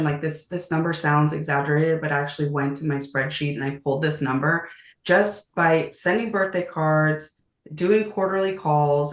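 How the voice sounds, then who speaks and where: A woman in her thirties talks as a podcast guest, brisk and casual. She laughs easily, and her voice rings in an echoey room. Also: low-pitched. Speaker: guest, real estate agent. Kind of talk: casual interview chat.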